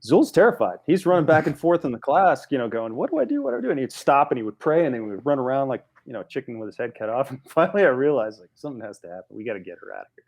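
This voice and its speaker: Man telling an animated story. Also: medium pitch, racing, hardly any pauses. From United States. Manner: animated storyteller with frequent restarts, acting out quotes. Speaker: podcast guest. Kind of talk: casual storytelling interview.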